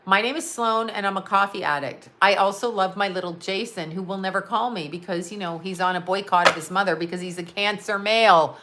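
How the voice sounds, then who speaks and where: A woman's voice: medium pitch, brisk, fairly bright tone, a little hiss or hum. Laughing, blunt woman live-streaming. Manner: laughs often, rambling and blunt, swears. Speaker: psychic and astrologer answering live chat. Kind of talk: casual live-stream chat.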